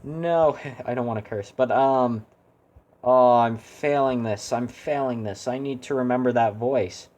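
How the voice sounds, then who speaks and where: A man's voice: mid-range voice, a little slow, darkish tone. A man streaming a video game, chatting casually and critiquing his own attempts at doing voices. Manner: rambling, self-deprecating. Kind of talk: casual gaming stream chat.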